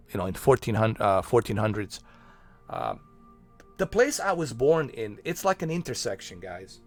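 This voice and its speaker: A man from Bosnia, chatting casually on his stream in a rambling, filler-heavy, profane way. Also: medium pitch.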